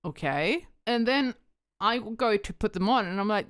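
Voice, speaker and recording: A woman's voice: fairly high pitch, moderate pace, clear, resonant tone, no room sound. Woman, podcast co-host, non-native English, exasperated, cursing, dry close mic. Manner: heated, exasperated, heavy swearing; speaks English as a non-first language. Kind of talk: casual chat.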